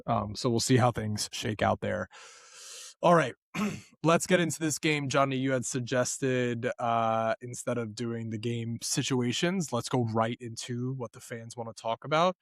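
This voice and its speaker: A man hosting a casual podcast, measured and thoughtful, who leans on plenty of ums. His pitch sits in the middle, and the sound is dry and close to the mic. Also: gravelly, dry recording. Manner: measured, thoughtful, many fillers. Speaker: podcast host.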